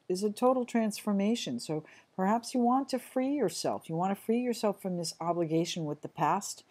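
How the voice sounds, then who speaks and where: Chatty woman reading tarot, somewhat low voice. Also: darkish tone. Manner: chatty, halting, apologetic, frequent restarts. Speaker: tarot reader. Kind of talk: casual tarot reading to camera.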